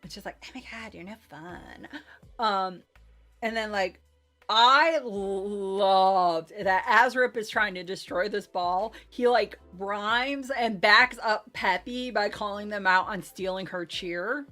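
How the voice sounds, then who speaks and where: A woman's voice: mid-range voice, takes it slowly, bright, forceful tone, faint music behind. A woman game master giving a chatty recap of a tabletop game session, full of "like" and "um", gushing over what happened. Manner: chatty, filler-heavy with frequent "like" and "um".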